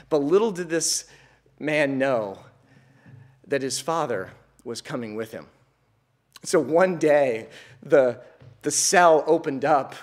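A man delivers a sermon at an unhurried pace, his voice sitting slightly high for a man. He tells an illustration story with earnest care, then builds into emphatic, repeated declarations. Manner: slow, earnest storytelling that swells into emphatic preaching. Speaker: preacher.

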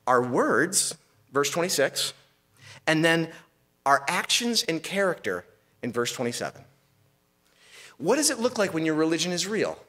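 Animated high-pitched male preacher. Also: measured pace, pauses often. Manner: animated preaching with rhetorical questions and repeated restarts. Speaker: pastor. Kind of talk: sermon.

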